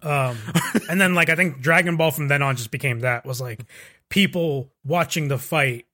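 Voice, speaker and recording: A man's voice: on the high side, moderate pace, pushed and bright. A man co-hosting a casual chat about anime, laughing often, swearing freely and retelling scenes in quoted voices.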